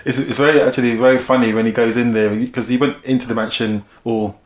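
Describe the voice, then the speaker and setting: Laughing film-review co-host, roomy sound. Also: male voice, mid-range voice, flat delivery, fast. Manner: laughs easily, chips in with names and short agreements. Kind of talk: casual film review chat.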